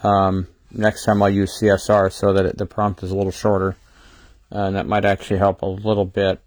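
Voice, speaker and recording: Tired man with a low, flat voice. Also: dry recording. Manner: halting, many fillers and restarts. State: tired, short on sleep. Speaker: livestream host. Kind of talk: casual livestream talk.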